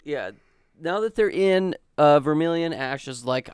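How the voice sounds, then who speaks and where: A man's voice: fairly high pitch, lively intonation, measured pace, clean tone, dry recording, clean studio sound. A man co-hosting a casual podcast, summarizing episodes in a laid-back way with casual swearing. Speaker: podcast co-host. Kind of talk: casual recap chat.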